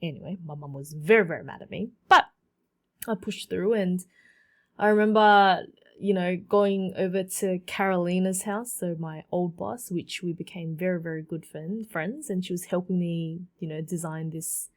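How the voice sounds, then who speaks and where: A woman in her thirties hosting a solo podcast, telling her story in a chatty, animated way with many fillers and repeats. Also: on the low side, moderate pace. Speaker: podcast host.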